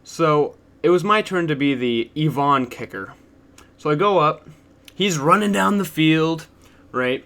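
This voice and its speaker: A man's voice: on the high side, expressive, measured pace, pushed and bright. A man casually telling a story from his school days in a rambling, offhand, self-deprecating way.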